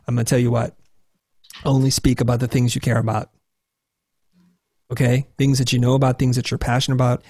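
Guy in his 40s, interview guest, self-deprecating, does squeaky voices for his old self, super dry sound. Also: fairly quick, pauses often, no echo. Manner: self-deprecating, animated, acts out his past self in high squeaky quotes. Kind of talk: candid conversational storytelling.

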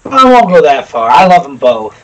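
A man's voice: on the high side, big pitch swings, moderate pace, rough recording. A man co-hosting a podcast, joking crudely in loose casual chat. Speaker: podcast co-host. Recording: off-mic with faint noise.

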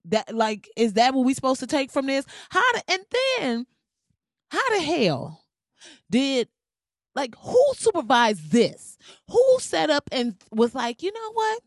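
A woman's voice: high voice, big pitch swings, a little slow, dry recording, studio quality. A woman giving a heated, profane commentary rant to camera, blunt and swearing freely. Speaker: vlogger.

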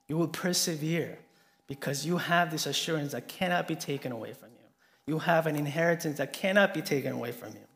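A man preaching a sermon, telling a story earnestly and swinging between soft and emphatic delivery. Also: on the high side, creaky.

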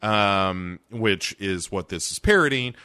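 A man's voice: lowish voice, takes it slowly, clear, resonant tone, dry recording, clean studio sound. A man co-hosting a casual podcast chat, recapping an episode and acting out scenes in little voices. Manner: animated, acts out scenes in voices. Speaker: podcast co-host.

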